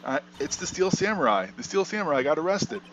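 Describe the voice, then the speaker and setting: A man voicing an excitable young woman assistant in a fan voice-over of a game, speaking high and eager. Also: brisk, dull audio, a little hiss or hum. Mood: frantic excited.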